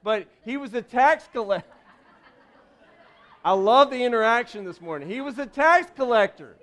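A young adult man preaching a lively sermon in church, with joking asides to the congregation. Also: extremely high pitch, normal speed, long pauses, some chatter behind. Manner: animated preaching with asides and jokes. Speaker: pastor.

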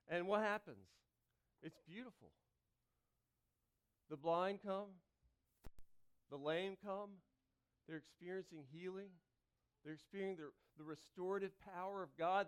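High, clear-voiced man preaching a sermon. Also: unhurried, pauses often. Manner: dynamic preaching, swinging between loud calls and hushed pleas; conversational, with restarts and asides to the congregation. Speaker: pastor. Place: church sanctuary.

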